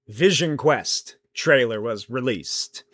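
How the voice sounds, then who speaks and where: A man's voice: mid-range voice, animated, very slow, fairly bright tone. A young man hosting a casual solo podcast, thinking aloud, rambling and swearing casually as he answers chat questions. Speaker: podcast host.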